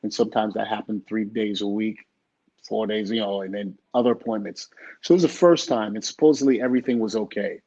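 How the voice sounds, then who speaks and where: A middle-aged man, a guest in an interview, telling a personal story in an animated way and acting out the dialogue. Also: lowish voice, a little fast. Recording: dull lo-fi recording.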